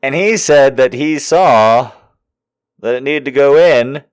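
A man's voice: mid-range voice, takes it slowly, smooth. A man telling a comic story in a profane, self-mocking way. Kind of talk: comedic storytelling.

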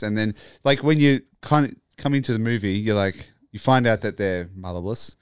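Low smooth-voiced rambling man. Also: normal speed, few pauses, no room sound, clean studio sound. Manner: rambling, full of fillers and restarts, laughs often. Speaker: podcast co-host. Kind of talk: casual chat.

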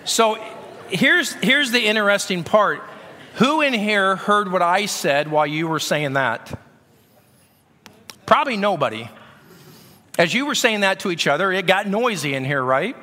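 A middle-aged pastor preaches to his congregation in a church sanctuary, talking conversationally and often repeating words. His voice is high, expressive, and sharp, delivered unhurriedly with long pauses amid the long reverb of the hall.

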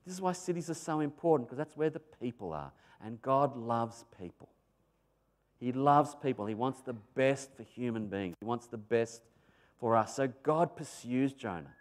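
An Australian man delivering a sermon with lively, storytelling energy. He swings from loud, emphatic stresses down to hushed asides, his pitch at an ordinary middle height. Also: moderate pace. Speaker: preacher.

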